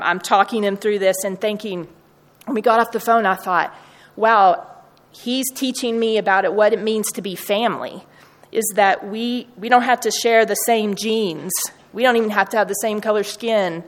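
A woman speaking earnestly to students, telling personal stories from her university work. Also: medium pitch. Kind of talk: storytelling talk to students. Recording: long hall reverb.

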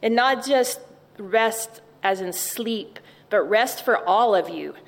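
A woman speaking slowly and gently in a devotional chapel talk, lingering on each word and repeating it for weight. Her voice carries a long reverb, as if recorded in a large hall. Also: medium pitch, lively intonation, vocal fry. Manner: gentle, reflective, repeats key words.

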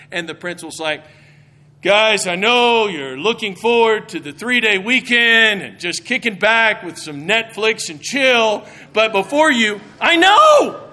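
A man's voice: sits high, sharp tone, a little hiss or hum. A middle-aged man, a Bible professor, giving a humorous chapel talk from the stage, telling stories and acting out the voices of people he quotes.

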